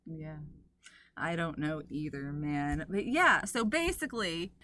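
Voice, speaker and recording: A woman's voice: deep voice, animated, takes it slowly, bright, forceful tone. A woman co-hosting a podcast in casual chat, earnestly explaining her point and laughing along. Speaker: podcast co-host.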